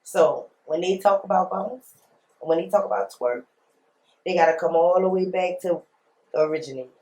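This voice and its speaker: A woman's voice: on the low side, normal speed, dark tone. Blunt New woman rapper, roomy sound. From New Orleans, USA. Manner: emphatic, repeats phrases, slangy and blunt. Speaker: rapper being interviewed. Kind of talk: candid interview storytelling. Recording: roomy echo.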